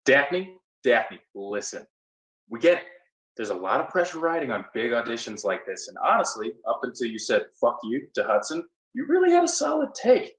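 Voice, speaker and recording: A man playing a conciliatory fellow actor who hesitantly tries to calm down an angry castmate. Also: medium pitch, moderate pace. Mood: placating. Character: placating fellow actor Cliff, soothing the group. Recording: roomy echo, distant from the mic.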